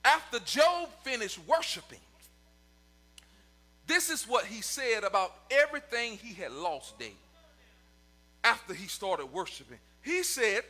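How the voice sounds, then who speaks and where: Male pastor with a very high, sharp voice; preaches in shouts that rise into song, over faint church music. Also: big pitch swings, unhurried, long pauses. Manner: preaching in rising shouts, near-sung cadences; talks to the congregation and online viewers. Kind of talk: sermon.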